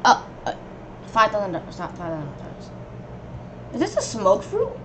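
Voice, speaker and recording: A woman giving casual, rambling commentary on her gameplay, reacting excitably and yelping when enemies swarm her. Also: medium pitch, moderate pace, background noise. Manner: excitable, yelps and shrieks at enemies; rambling running reactions to the game. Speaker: gamer.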